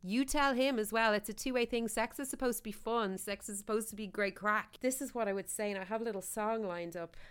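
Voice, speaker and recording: A woman's voice: medium pitch, fairly quick, hardly any pauses, clear, resonant tone. A woman co-hosting a podcast, giving playful, bawdy advice in casual chat. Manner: bawdy, playful, bursts into silly sing-along. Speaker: podcast co-host.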